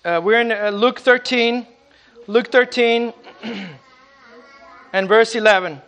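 A man's voice: extremely high pitch, takes it slowly, a bit bright, smooth. A man preaching a sermon with personal testimony, fervent, and often breaking into exclamations of praise. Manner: repeats words at the start of phrases. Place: church service with congregation.

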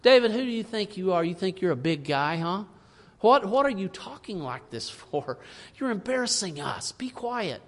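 A preacher acting out a jealous grown man scolding his younger brother, mocking and quick, in a high voice. A long reverb rings around him, as in a large hall. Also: very animated. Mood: scornful.

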